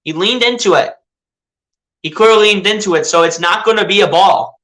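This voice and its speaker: Excitable young male fan, casual play-by-play, begging at the pitcher, forceful tone. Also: normal speed. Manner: excitable, pleading with the players. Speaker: fan streaming live play-by-play.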